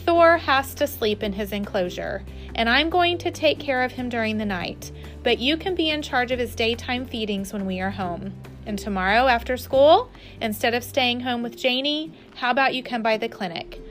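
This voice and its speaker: A woman's voice: fairly high pitch, normal speed, fairly bright tone, faint music behind, lightly acted. A woman voicing a firm but loving mother while reading a storybook aloud. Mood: gentle. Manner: firm, patient.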